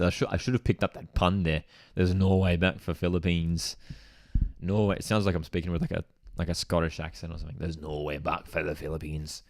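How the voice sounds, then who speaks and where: A man with a low, deep voice gives live reaction commentary on a football match, bursting into excitement at big moments and then settling into easy chat. His sound is close and dry, with no room echo, as he reads viewer comments from a home streaming setup. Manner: excitable, chatty, reads chat messages aloud. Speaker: football watchalong host.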